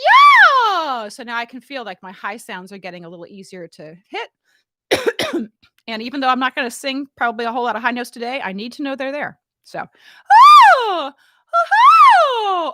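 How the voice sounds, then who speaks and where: Bright, lively woman voice teacher. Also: fairly high pitch. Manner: chatty, playful and relaxed, often asks "right?". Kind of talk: casual vocal warm-up demonstration. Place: room at home. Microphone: studio mic, monitored on headphones.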